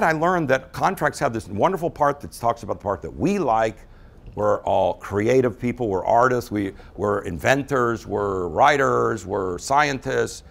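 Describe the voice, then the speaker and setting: Brief: male teacher addressing a room, gravelly, lively storytelling delivery. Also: mid-range voice. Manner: storytelling, acts out quoted people in changing voices. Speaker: speaker teaching about relationships. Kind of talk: talk to a live group.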